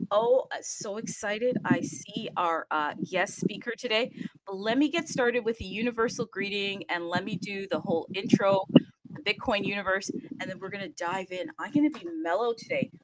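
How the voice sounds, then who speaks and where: A woman hosting a live audio chat in a bubbly, rambling, chatty way. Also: medium pitch. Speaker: host.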